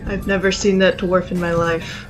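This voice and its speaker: A woman's voice: lowish voice, level tone, normal speed, music in the background. A woman playing a tabletop role-playing game, casual and often laughing. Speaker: player.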